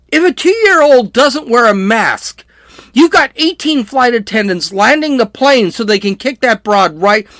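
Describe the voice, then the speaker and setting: A man's voice: very high voice, dry recording, clean studio sound. Angry ranting male podcast host. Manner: angry, sarcastic, shouts at times. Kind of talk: ranting political commentary.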